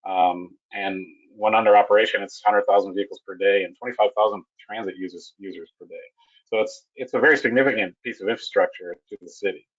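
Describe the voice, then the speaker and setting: Low-voiced man giving a halting technical webinar talk. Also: fairly even intonation, muffled recording. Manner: halting, with frequent restarts and fillers. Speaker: webinar presenter, bridge project manager. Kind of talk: technical presentation.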